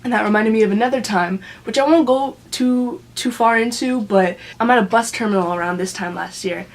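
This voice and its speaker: A woman's voice: on the high side, brisk. A young woman from Canada telling a story to camera in a casual, chatty rant, full of fillers and laughing mid-sentence. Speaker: vlogger.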